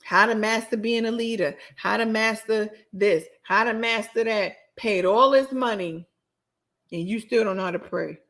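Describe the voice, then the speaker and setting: Speaking at a normal speed in a slightly high, fairly bright voice, a woman hosts her solo podcast. She answers her live chat with blunt, sassy ranting that keeps circling back on itself.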